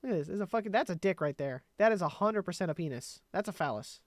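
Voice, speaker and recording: Excitable, crude male game streamer. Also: sits high, fast, dry recording, studio quality. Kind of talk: casual game commentary and reading aloud.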